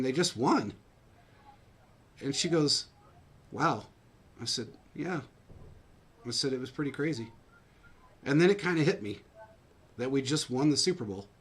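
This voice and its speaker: A middle-aged man chats about his team in a casual sports talk. His voice is husky and slightly breathy, and he rambles through stories, acting out quoted lines. He sits at a mid pitch for a man. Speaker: co-host.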